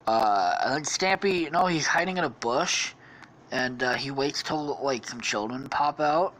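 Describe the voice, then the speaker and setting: A man's voice: mid-range voice, unhurried, fairly bright tone. A man hosting a podcast, rambling through an improvised comedy story with lots of swearing and laughter. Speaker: podcast host.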